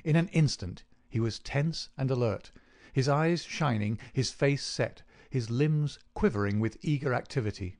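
A man narrating a classic detective story in a steady, even storytelling manner. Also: medium pitch, a little slow. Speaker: audiobook narrator. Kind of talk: scripted narration.

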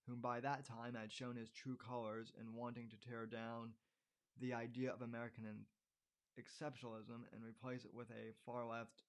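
A man's voice: mid-range voice, flat delivery, normal speed, clear, resonant tone. A man in his twenties, a podcast host, reads his own essay aloud and breaks off for unscripted asides to his listeners, with frequent uh fillers. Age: 20s. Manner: addresses listeners as folks and ladies and gentlemen.

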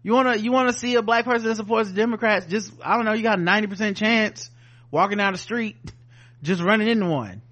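A man's voice: high voice, fast talker, fairly bright tone. A man co-hosting a podcast, reading news headlines and riffing on them in casual, sardonic, profane chat. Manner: profane, sardonic, reads headlines then riffs. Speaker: podcast co-host.

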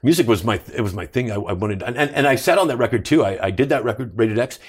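A man's voice: mid-range voice, expressive, fast talker. A man in his fifties, a podcast guest telling profane stories in casual talk and acting out what people said. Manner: profane, acts out quoted dialogue. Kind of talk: casual interview storytelling.

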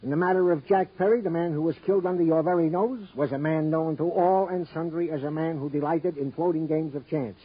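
An actor playing a good-natured police sergeant in a 1950s radio drama, chummy, with wordy, mock-formal phrasing and a slightly hoarse voice. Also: male voice, on the high side, steady tone, brisk, few pauses. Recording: dull old radio broadcast recording.

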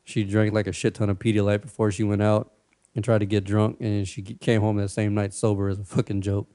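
A man's voice: fairly low pitch, flat delivery, brisk, dark tone, clean tone. A man co-hosting a podcast, chatting casually and telling crude stories with lots of laughter. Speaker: podcast co-host. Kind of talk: casual chat.

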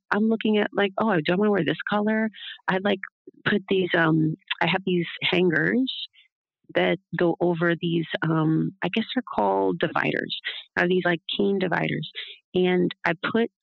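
A woman's voice: fairly low pitch, gravelly, no echo. A woman speaking as an interview guest in casual, rambling talk, often checking in with a tag question. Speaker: guest, doula. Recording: dull, lo-fi, dry.

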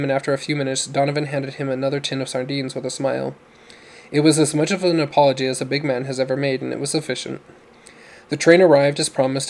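A man reading a novel aloud as narrator, in a steady, even storytelling manner. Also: medium pitch, low-quality recording. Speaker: audiobook narrator.

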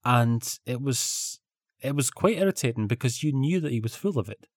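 A man's voice: medium pitch, lively intonation, normal speed, no echo, studio quality. A man from England co-hosting a podcast, telling a casual anecdote with hesitant restarts. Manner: hesitant, anecdotal, self-correcting. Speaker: podcast co-host.

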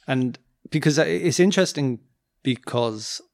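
A man's voice: medium pitch, unhurried, dry recording, clean studio sound. A middle-aged man from England with an English accent, hosting a casual chat and telling stories with lots of laughter. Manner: animated storyteller, laughs often, acts out quoted voices. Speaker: dance teacher and podcast host.

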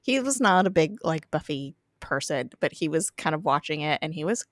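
A woman's voice: sits low, animated, normal speed, a bit bright, no room sound, studio quality. A woman guesting on a casual podcast, friendly and giggly as she chats.

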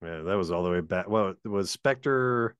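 A man talking casually with a friend, easygoing and sometimes hesitant with fillers. His voice sits low. The recording is dry and close. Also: moderate pace, clean tone, no room sound. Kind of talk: casual chat.

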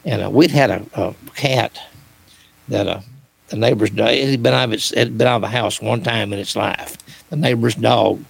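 Gravelly older man telling stories. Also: fairly low pitch, steady tone, normal speed, no echo, poor audio. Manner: rambling, with many fillers and restarts. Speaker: guest, author and paranormal researcher. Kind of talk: casual storytelling.

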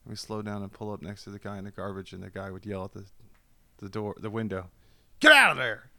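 A man co-hosting a casual comedy podcast, telling stories with lots of laughs and loud comic voices. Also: fairly low pitch, monotone, fast, no room sound, clean studio sound. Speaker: podcast co-host.

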